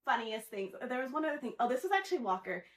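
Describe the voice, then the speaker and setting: A young woman co-hosting a chatty podcast, talking quickly in a fairly high voice as she retells her son's funny sayings. The sound carries a noticeable room echo. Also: big pitch swings. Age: young adult. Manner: fast, chatty, quotes her son's remarks. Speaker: podcast co-host. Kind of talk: casual chat.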